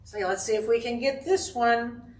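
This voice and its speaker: A woman who works as a children's librarian, reading rhymes aloud inside a library and pausing so the kids can guess the last word. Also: a little high, a little hiss or hum. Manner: slow, encouraging, pauses for kids to guess rhymes. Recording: roomy sound from a distant camera.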